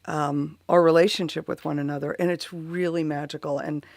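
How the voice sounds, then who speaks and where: A woman's voice: low voice, flat delivery, normal speed, gravelly, a little mellow, no room sound. A woman who is a mother and runs workshops for moms, a guest on a talk show telling her story with animation. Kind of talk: casual interview chat.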